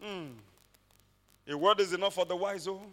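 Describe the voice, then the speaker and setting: A man preaching a sermon, telling stories dramatically and rising to shouted peaks. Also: sits high, steady tone, normal speed.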